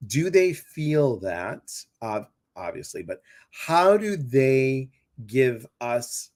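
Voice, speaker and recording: Chatty male host, rambling and animated. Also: mid-range voice. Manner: chatty, rambling with many fillers and restarts. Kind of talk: casual interview chat.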